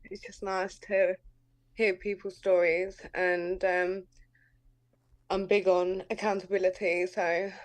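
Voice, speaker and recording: A woman's voice: on the low side, flat delivery, slow. A woman with a London accent sharing at an online recovery meeting, hesitant and full of fillers. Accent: London English. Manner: hesitant, many fillers, grateful. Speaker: meeting participant. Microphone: video call.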